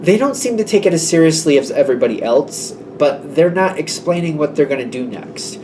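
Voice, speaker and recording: A man's voice: on the high side, expressive, a little fast, distant mic, background noise. A man giving a casual, rambling tarot reading, acting out little exchanges between people as he talks. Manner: chatty, rambling, acts out quoted exchanges. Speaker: tarot reader.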